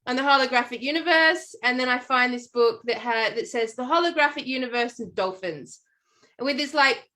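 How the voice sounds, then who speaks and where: Aussie woman chatting, tells stories all excited, lots of likes and ums, voice sits a bit high. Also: fairly quick. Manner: animated storytelling with many fillers. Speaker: podcast co-host. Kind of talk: casual chat.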